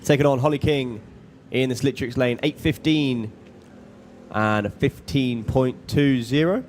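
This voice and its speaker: A man's voice: medium pitch, unhurried, darkish tone, a little hiss or hum. Upbeat man commentating drag racing. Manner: giggly, upbeat. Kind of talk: live race commentary. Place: commentary tower at a racetrack.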